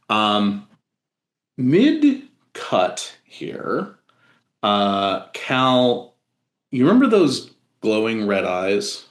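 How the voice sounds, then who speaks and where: A man narrating as game master of a tabletop horror game, halting with many fillers and restarts. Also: fairly low pitch, a bit bright, echoey room.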